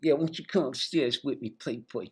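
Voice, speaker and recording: Man putting on a smooth music mogul, coaxing, low-key, chuckling. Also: moderate pace. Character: smooth-talking male music mogul host.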